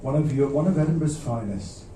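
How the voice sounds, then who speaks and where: A man, a singer-songwriter chatting between songs at a live gig in a halting, self-deprecating way, with many restarts. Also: medium pitch, lively intonation, warm tone, slight background noise. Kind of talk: rambling between-song stage banter. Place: small live music venue. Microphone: stage vocal mic. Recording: roomy, distant audience recording.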